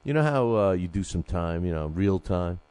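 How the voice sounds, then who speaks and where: A man's voice: sits low, animated, moderate pace, dark tone, smooth. A man hosting a boxing show alone, chatting casually, reading listener emails and rambling with many fillers and restarts. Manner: reads listener emails aloud. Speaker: boxing podcast host. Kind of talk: casual solo commentary.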